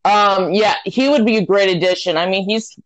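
A woman's voice: medium pitch, moderate pace, poor audio. A woman on a football talk show panel, answering hesitantly with many fillers. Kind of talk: casual sports chat.

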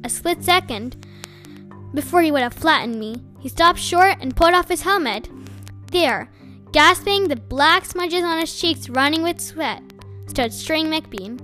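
Bright-voiced woman narrating an audiobook. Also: high voice, lively intonation, a little slow, soft background music. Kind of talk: first-person audiobook narration.

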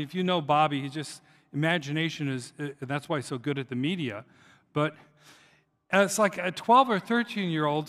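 A middle-aged man preaching a sermon, telling stories with a loud, lively push and dropping to a soft, low voice on his key points. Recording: long reverb of a large hall.

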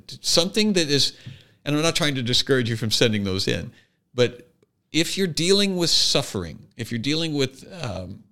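A man's voice: mid-range voice, pushed and bright. A man co-hosting a podcast, talking earnestly in a casual chat and building his argument with restarts. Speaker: podcast co-host.

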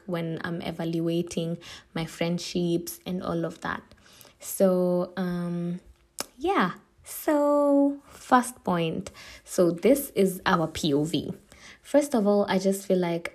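Mellow, unhurried woman podcasting. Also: fairly low pitch. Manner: chatty, emotional, laughs easily. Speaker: podcast host. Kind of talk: casual solo podcast talk.

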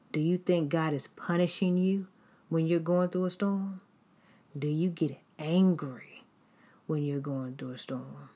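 A woman's voice: low-pitched, a little mellow. A woman giving an earnest devotional talk, asking her listeners rhetorical questions. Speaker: Christian speaker.

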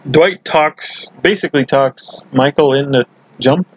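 A man's voice: medium pitch, measured pace, dry recording, highs cut off. A man co-hosting a podcast, chatting casually about a sitcom episode and laughing now and then. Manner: relaxed, laughs often, recounts scenes. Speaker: podcast co-host. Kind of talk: casual episode recap chat.

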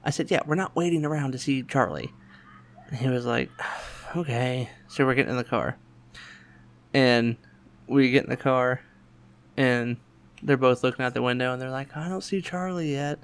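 A man's voice: normal speed, pauses often. A man, telling a family story in casual chat and acting out the quotes in raised voices. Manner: animated, acts out quotes in higher voices, laughs often. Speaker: podcast host.

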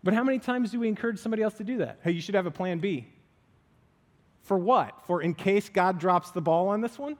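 A man preaching a casual, conversational sermon as pastor, lively and animated, acting out the voices he quotes. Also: high-pitched, a little fast. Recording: long reverb of a hall.

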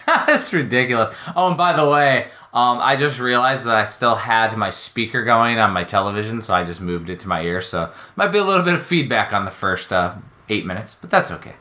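A man hosting a casual gaming podcast, easygoing and quick to laugh. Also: mid-range voice, lively intonation, pushed and bright. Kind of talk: casual chat.

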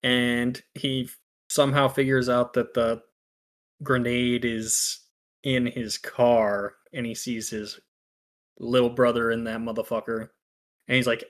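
A man's voice: medium pitch, level tone, measured pace. A man co-hosting a podcast in casual chat, laid-back, swearing freely and trailing off mid-sentence. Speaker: podcast co-host.

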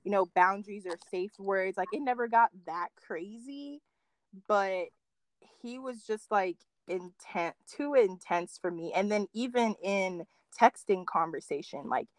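A young woman telling dating stories in casual chat, full of "like" fillers and quoting others with big jumps in pitch. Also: measured pace, no room sound. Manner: animated storyteller, acts out quotes with big pitch jumps, many "like" fillers.

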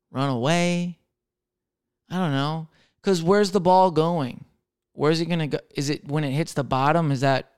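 Man, 30s, comedian hosting a podcast; smooth, clear voice, swears a lot, rambles in a jokey way. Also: a little high. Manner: profane, jokey, rambling, jumping between loud and mumbled. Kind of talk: casual rambling monologue.

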